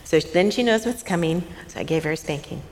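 A middle-aged woman co-hosting a faith-based talk, telling a parenting story in a lively way, laughing often and dropping to a soft voice when she quotes someone. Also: on the low side, quick pace. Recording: reverberant room with faint hiss.

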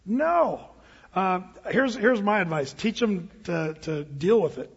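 A man's voice: high-pitched, expressive, unhurried, slightly rough, long reverb tail, muffled recording. A man from the United States preaching a sermon as a pastor, conversational and emphatic. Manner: conversational, emphatic, with quoted asides. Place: church sanctuary.

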